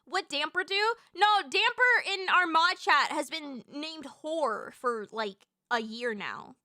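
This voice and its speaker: Casting: high, bright-voiced woman, chatty and profane, streaming live. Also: expressive, takes it slowly, no echo, clean studio sound. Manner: bubbly, profane, chatty with viewers. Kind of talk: casual live-stream chat.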